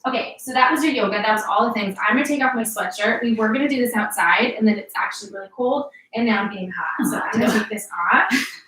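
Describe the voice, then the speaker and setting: Quick-paced and a little high, with a slightly bright tone, a woman instructor coaches her class and cues the moves, upbeat, encouraging, and at times out of breath. A little hiss or hum runs under the recording, which was made indoors in a home workout space with a roomy echo and a mic at a distance.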